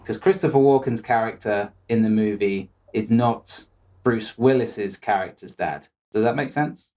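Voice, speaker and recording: A man co-hosting a podcast in casual chat, playful and quick to riff into jokes. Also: fairly low pitch, darkish tone. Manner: playful, riffs into bits. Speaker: podcast co-host.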